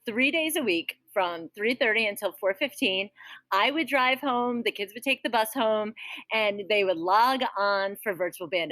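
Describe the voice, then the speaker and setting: A woman's voice: mid-range voice, fairly bright tone, no room sound. Lady teacher doing morning announcements, jokey asides, dry close mic. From Rhode Island. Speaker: school band teacher.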